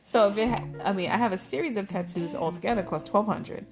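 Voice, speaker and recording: A woman's voice: medium pitch, quick pace, faint music behind. A middle-aged woman vlogging about her life in a candid, heartfelt, rambling way. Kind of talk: casual personal talk to camera.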